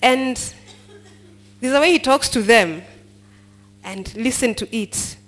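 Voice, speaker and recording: Speaking slowly in a slightly high voice, a woman reads scripture aloud to a Bible study group and explains it. She switches between English and Swahili, putting questions to the group and getting them to complete lines.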